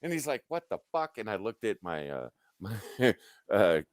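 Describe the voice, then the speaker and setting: In a dry recording with clean studio sound, a middle-aged livestream host tells work stories at a moderate pace. His voice is fairly low, and he swears freely while acting out quotes in a casual, animated way.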